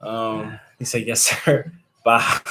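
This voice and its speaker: A man's voice: mid-range voice, moderate pace, a little hiss or hum, rough recording. A man hosting a casual live stream who answers viewer comments and laughs often. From United States. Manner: chatty and joking, laughs often.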